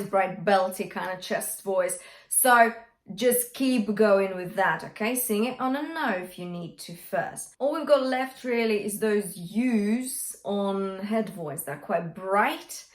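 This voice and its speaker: A young adult woman vocal coach giving a singing lesson, encouraging and breaking into sung examples. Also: mid-range voice. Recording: roomy echo.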